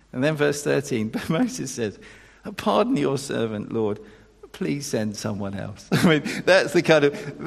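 Lively gravelly-voiced man preaching in a hall. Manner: animated, acts out quoted dialogue with pitch jumps, self-interrupting. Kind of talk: sermon. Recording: long reverb of a large hall.

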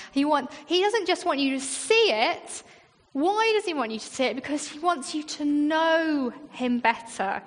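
A woman's voice: high voice, a bit bright. A woman, a church leader preaching a sermon in a chatty way, full of rhetorical questions and acted-out quotes. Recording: long reverb in a hall.

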